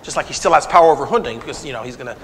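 A man giving a conversational lecture to an audience, animated and retelling scenes with quoted dialogue. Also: medium pitch, rapid-fire, slight background noise. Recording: long reverb of a lecture hall.

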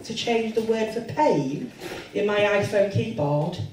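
A woman in her forties performing a stand-up comedy set, self-deprecating and bawdy with deadpan asides. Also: mid-range voice, a little slow, recorded from a distance, a little hiss or hum. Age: 40s. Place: comedy club stage with audience. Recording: roomy live club sound with crowd laughter.

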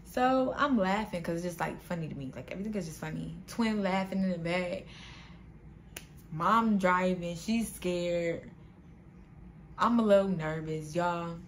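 A young woman vlogger telling a storytime to her viewers in an animated, slangy way, often calling them "y'all". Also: lowish voice, unhurried, a little hiss or hum. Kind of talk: casual storytime vlog.

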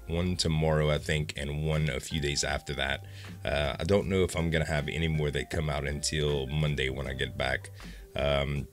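A man's voice: very deep voice, a bit bright. A young man, vlogging casually to his viewers in a rambling, upbeat way with lots of fillers. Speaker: gaming YouTuber. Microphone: facecam.

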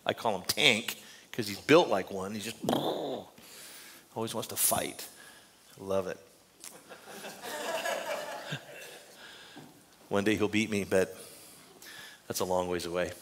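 An older man preaching a sermon as pastor, emphatic and earnest, often dropping to quiet, confiding asides. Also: fairly low pitch, slow, long pauses, background noise. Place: church sanctuary.

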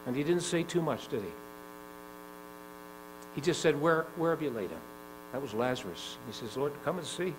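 A man's voice: on the high side, animated. Emphatic male preacher with a faint hum. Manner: emphatic, swinging between loud urgent climbs and soft slow drops; repeats phrases, asks the congregation questions. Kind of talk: sermon. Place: gospel hall.

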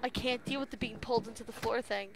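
Young woman, horror game streamer, high voice, jumpy and profane. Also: fairly even intonation, fast, gravelly. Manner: frightened, swearing, cries out often. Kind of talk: live horror game commentary.

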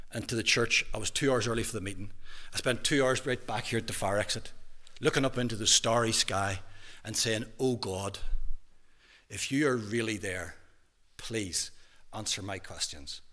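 A man in his fifties with a Northern Irish accent, a minister giving an emphatic testimony sermon in a church hall, dropping to a hush and then rising loud. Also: mid-range voice. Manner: emphatic preaching with big swings from hushed to loud.

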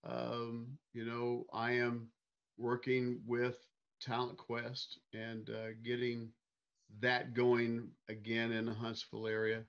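A man from Missouri talks in a relaxed, halting way, full of fillers. His voice is gravelly at a middle pitch. The recording sounds somewhat dull and lo-fi. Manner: easygoing, halting, many fillers. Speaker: interview guest, singer. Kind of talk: casual interview chat.

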